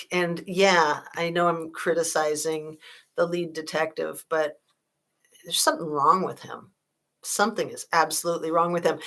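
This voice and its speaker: A woman in her forties with a slightly low voice hosts a casual true crime livestream from her home. She rambles and gives her opinions freely, talks straight to her viewers and answers their comments as they come in. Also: fairly bright tone.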